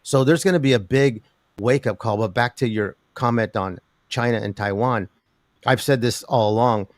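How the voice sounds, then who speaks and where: An older man, a guest in an interview talking about metals markets, who rambles with an animated delivery, many restarts and laughs. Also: mid-range voice, moderate pace, dry recording. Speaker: precious metals commentator.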